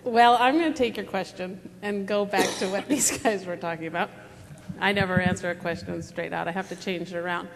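A woman's voice: on the low side, steady tone, fairly quick, vocal fry. Woman in her 40s rambling thru a story on a panel, lots of ums, big echoey hall, bit of hiss. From United States. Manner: rambling, conversational storytelling with fillers. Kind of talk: live panel talk. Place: large auditorium stage. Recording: long hall reverb, faint noise.

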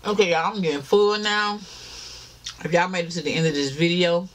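A man's voice: sits high, fairly quick, fairly bright tone, slight background noise. Chatty man eating on camera. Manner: chatty, talks straight to viewers as y'all, chewing between lines. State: tired. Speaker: mukbang vlogger. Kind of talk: casual chat while eating on camera.

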